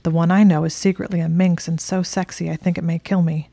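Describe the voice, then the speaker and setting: A woman voicing a smug, teasing young aristocratic wizard man in whispered role-play, low and breathy. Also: level tone, a little fast, dark tone, dry recording. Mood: strained.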